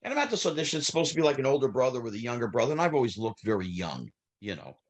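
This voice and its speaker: A man, a former child actor telling lively stories as an interview guest. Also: mid-range voice, very fast. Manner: animated, acts out quoted people, restarts. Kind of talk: storytelling interview answers.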